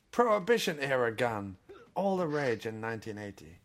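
A man co-hosting a casual movie commentary podcast, joking around. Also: medium pitch. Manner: jokey, puts on silly voices. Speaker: podcast co-host.

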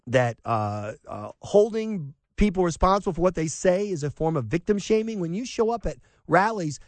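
A man's voice: high voice, expressive, moderate pace, a little mellow, no room sound. A middle-aged man hosting a talk radio show, delivering an emphatic, opinionated monologue with sarcastic asides.

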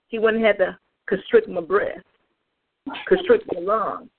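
A mid-range, fairly even voice comes through a tinny phone line as a woman evangelist testifies fervently and emphatically on a prayer call. She speaks a little slowly, addressing her listeners directly.

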